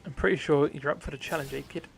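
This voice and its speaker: A man's voice: fairly high pitch, fast talker, creaky, a little hiss or hum. A man voicing an encouraging male parkour coach in a video game, with a put-on accent and a slightly froggy, goofy tone. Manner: cheery coaching lines ending in "kid". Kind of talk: reading game dialogue aloud with a character voice.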